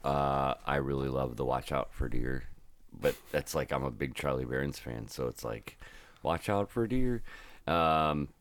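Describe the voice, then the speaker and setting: A very deep-voiced man from Ohio who drives trucks for a living. He rambles through casual podcast chat, full of fillers and restarts. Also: steady tone, normal speed, fairly bright tone.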